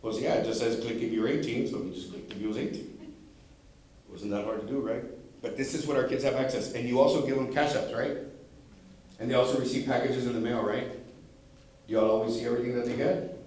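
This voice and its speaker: A man's voice: medium pitch, steady tone, fast talker, long pauses, a little mellow, a little hiss or hum. Man presenting in an echoey room. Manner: storytelling, acting out quoted speech. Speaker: drug prevention presenter. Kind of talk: informal school presentation. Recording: strong room echo.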